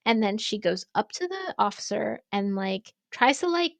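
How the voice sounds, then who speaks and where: Brief: woman co-host, casual animated storyteller with a blunt, profane streak; dry room. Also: medium pitch, normal speed, gravelly, dry recording. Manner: animated, swears freely. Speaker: pottery studio co-owner and podcast host.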